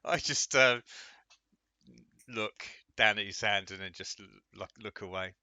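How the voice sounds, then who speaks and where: A man's voice: lowish voice, a little slow, pushed and bright, smooth, no room sound. A man playing a tabletop game, answering in a dry, wry way. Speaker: player. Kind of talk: tabletop role-play.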